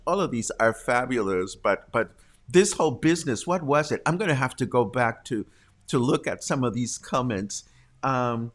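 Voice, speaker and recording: Male host, bright, bubbly live-stream patter, pitch swinging widely, unhurried pacing. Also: animated. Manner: playful, bursts into loud laughter. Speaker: host of a live community show. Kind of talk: lively live-stream chat.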